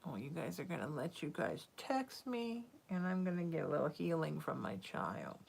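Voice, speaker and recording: A woman's voice: low voice, very animated, moderate pace, gravelly, breathy edge. A woman hosting a casual live-stream as a psychic medium, reassuring and calling listeners sweetheart and honey. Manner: casual and chatty, with soft fillers.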